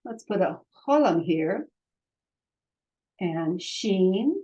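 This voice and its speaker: Slow, patient woman teaching Hebrew. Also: on the low side, lively intonation, dark tone. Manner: slow, patient, sounds out syllables for learners to repeat. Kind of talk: online language lesson.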